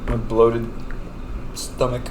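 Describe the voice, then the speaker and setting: A woman's voice: very deep voice, monotone, slow pace. A young woman vlogger chatting casually and teasing her sister, sounding playful and full. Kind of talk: casual chat. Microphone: desktop USB mic. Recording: noisy laptop recording.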